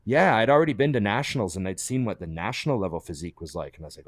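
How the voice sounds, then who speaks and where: A middle-aged man with a fairly low voice, recorded close and dry with no room sound. He chats casually as a podcast co-host and tells stories, animatedly acting out what he thought back then. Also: racing, few pauses, no echo. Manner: animated storyteller acting out his own past thoughts. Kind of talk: casual chat.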